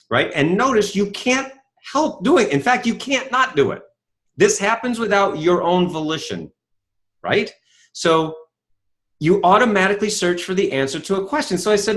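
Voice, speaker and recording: A man's voice: sits high, normal speed. A middle-aged man giving a motivational talk, telling a story and acting out dialogue, with many rhetorical questions. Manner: animated storytelling, acts out dialogue; asks rhetorical questions, says "right?" often. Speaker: self-help speaker.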